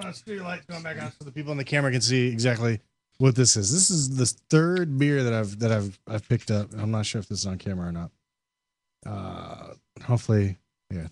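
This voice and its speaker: Brisk and a little breathy, this mid-range male voice belongs to a podcast host. He tells stories in a lively, animated way during a casual chat and laughs a lot.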